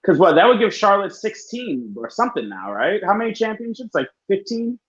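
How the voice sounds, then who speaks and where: A man's voice: sits high, very animated, fairly quick, a bit bright, husky, muffled recording. A man co-hosting a podcast in a casual, joking way, laughing often. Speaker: podcast co-host. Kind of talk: casual chat.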